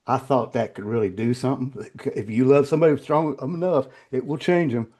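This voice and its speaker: An older man recounts personal memories as an interview guest. His voice is mellow and warm, sitting at a middling pitch. He halts, repeats words and restarts, and turns quiet and choked when the stories get emotional. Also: steady tone, fairly quick, hardly any pauses.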